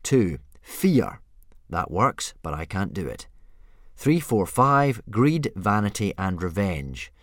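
A man's voice: fairly low pitch, big pitch swings, slow pace, no echo, studio quality, heavily acted. A man voicing an earnest, worried young boy who trains a dragon, pleading and often exasperated. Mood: reasoning. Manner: pleading, rising into frantic shouts.

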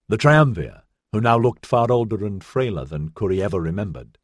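A man narrating an audiobook in a steady, even storytelling manner. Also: fairly low pitch, normal speed, husky, no room sound, studio quality.

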